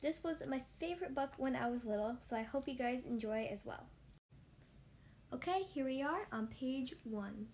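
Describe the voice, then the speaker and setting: A woman hosting a children's book podcast, reading a picture book aloud with gentle, slow storytelling and chatty asides. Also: fairly high pitch, animated, slight background noise.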